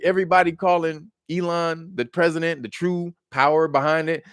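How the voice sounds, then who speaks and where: Casual commentary host, man, lively storyteller, slightly high, dry mic. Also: moderate pace, smooth, dry recording. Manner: animated storytelling, acts out quotes in high mocking voices, laughs often.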